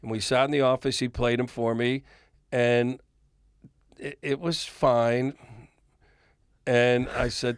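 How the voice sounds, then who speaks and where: Here the older man, a record executive appearing on a podcast, takes his time with a long anecdote, chuckling often and storytelling with animation. His voice is medium in pitch, clear and resonant, and the studio sound is clean and echo-free.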